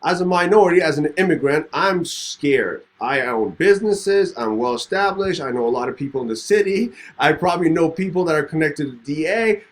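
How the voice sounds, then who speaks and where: A podcast host talks in a fairly high voice. He tells a story in casual conversation and acts out each side of the exchange with a lot of energy. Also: fairly quick, hardly any pauses. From Middle East. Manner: animated, acts out both sides of a story.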